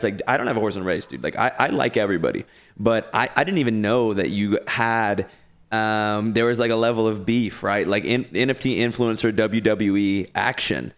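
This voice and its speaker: A man hosting a casual podcast chat, rambling and asking questions between fillers. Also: on the low side. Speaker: podcast host.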